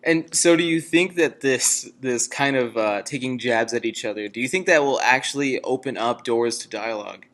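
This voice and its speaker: A man's voice: medium pitch, moderate pace, few pauses, fairly bright tone. A man asking interview questions hesitantly, with many filler words.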